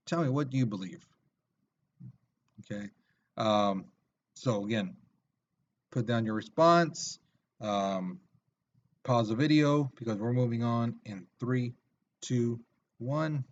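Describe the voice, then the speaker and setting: A man's voice: mid-range voice, a little mellow. Casual male teacher, dull recording. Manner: casual, chatty, with many fillers. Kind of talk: recorded video lesson.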